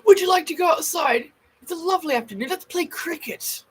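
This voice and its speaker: A woman's voice: very high-pitched, expressive, a little fast, a little hiss or hum, pitched above the performer's own voice. A woman putting on a posh upper-class English lady in an affected received-pronunciation accent, plummy and theatrical. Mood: genteel. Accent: affected British received pronunciation.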